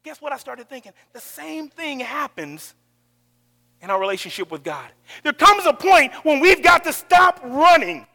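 Bright high-pitched guy preaching, goes from loud to almost whispering, big echoey hall. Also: animated, moderate pace, vocal fry. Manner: swings from loud calls to near-whispers. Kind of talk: sermon.

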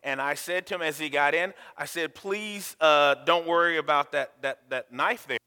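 A male pastor preaching a sermon, telling stories with sudden loud, animated rises. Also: a little high, moderate pace, clear, resonant tone, in a large hall. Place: church sanctuary.

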